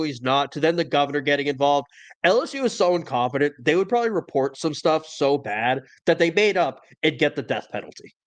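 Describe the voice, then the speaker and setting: A man hosting a college football podcast, his voice sitting a little high for a man. He talks in a wry, opinionated, casual way about the latest news. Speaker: podcast host. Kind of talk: casual sports talk.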